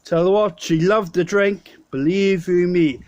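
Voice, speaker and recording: A man's voice: high-pitched, fairly even intonation, measured pace, darkish tone, dry recording, highs cut off. A Welsh man with a stutter, telling a rambling holiday story to camera in a pub. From Wales. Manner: stuttering, rambling, self-correcting. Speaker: vlogger. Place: local pub.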